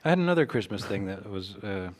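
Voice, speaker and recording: A man's voice: fairly low pitch, big pitch swings, fast. A man co-hosting a casual chat show, reminiscing and joking. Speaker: co-host.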